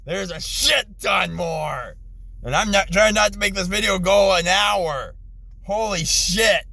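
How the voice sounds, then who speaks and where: A middle-aged man, an army veteran, in an angry, profane rant from his car, exasperated, his voice jumping high when he yells. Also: takes it slowly, creaky, rough recording. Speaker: ranting vlogger, army veteran.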